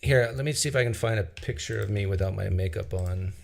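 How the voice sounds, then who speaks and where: A man hosting a live-stream call-in show, joking with callers in a deadpan, mock-serious way. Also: on the low side, brisk, gravelly. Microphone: video-call style live stream.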